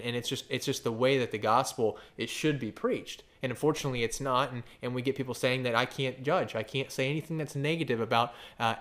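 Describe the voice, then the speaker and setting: A male pastor preaching a sermon, emphatic and full of rhetorical questions, often stumbling and restarting his phrases. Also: medium pitch.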